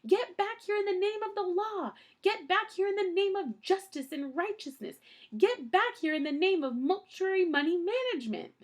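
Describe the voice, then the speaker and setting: A woman voicing a stern, fussy man who lectures firmly and shouts orders while she reads a storybook aloud. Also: medium pitch, animated, moderate pace. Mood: shouting.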